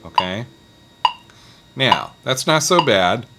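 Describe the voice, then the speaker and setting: A man teaching a casual guitar lesson, talking students through a scale in a relaxed, encouraging way and counting picking strokes aloud. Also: medium pitch, takes it slowly. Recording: loud guitar playing underneath.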